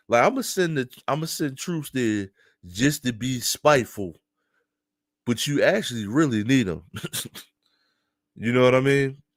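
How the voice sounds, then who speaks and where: A man from Philadelphia giving casual, animated opinion commentary to his viewers, laughing often and talking straight to them. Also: medium pitch, no echo, studio quality. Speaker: news commentary streamer.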